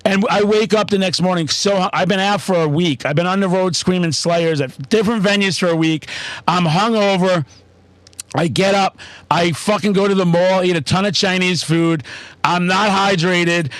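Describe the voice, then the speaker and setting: A man's voice: high-pitched, moderate pace, no room sound. A man telling stories in casual chat, swearing constantly and getting worked up. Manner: profane, excitable storytelling. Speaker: podcast host.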